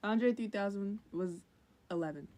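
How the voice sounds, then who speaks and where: A woman's voice: medium pitch, moderate pace, warm tone. Blunt, sarcastic woman co-host. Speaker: podcast co-host. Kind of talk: casual chat.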